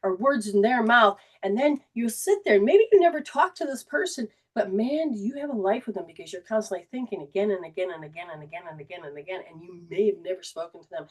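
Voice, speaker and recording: Female metaphysical teacher, livestream host, mid-pitched, rambling and repetitive, acts out quotes. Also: expressive, fast, few pauses. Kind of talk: livestreamed spiritual talk.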